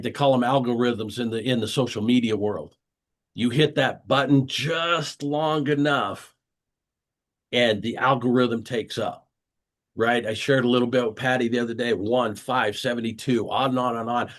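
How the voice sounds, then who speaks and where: A man hosting a weekly video call, giving an earnest motivational talk and repeating his key phrases for emphasis. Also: mid-range voice.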